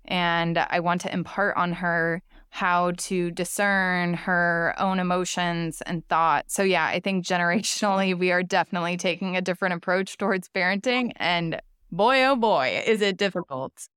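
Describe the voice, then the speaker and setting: A woman hosts a podcast in a lowish, very crisp and resonant voice. She speaks in a measured, thoughtful way and gently encourages her guest. The sound is dry and close. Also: fairly even intonation, no room sound. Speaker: podcast host. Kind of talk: conversational podcast chat.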